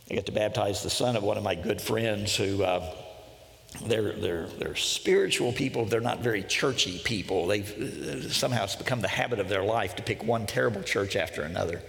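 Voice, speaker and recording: Male preacher, gravelly, storytelling with self-deprecating humor; reverberant hall. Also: medium pitch, lively intonation, moderate pace, a bit bright. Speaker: pastor. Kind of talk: sermon.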